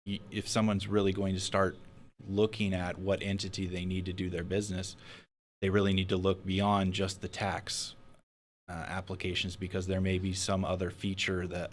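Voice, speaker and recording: A man who is a tax attorney, explaining business structures step by step in a measured way as an interview guest. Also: deep voice.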